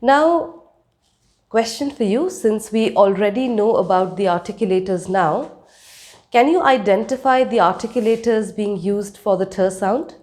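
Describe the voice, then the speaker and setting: A woman's voice: mid-range voice, measured pace, a little mellow. A woman teaching a spoken lesson, demonstrating sounds and checking in with her listeners. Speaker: accent coach.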